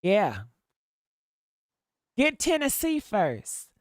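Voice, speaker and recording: A woman's voice: mid-range voice, huge pitch swings, extremely slow, no echo, clean studio sound. A woman giving blunt, profane, sassy commentary on a livestream, calling her listeners honey. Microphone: desktop mic.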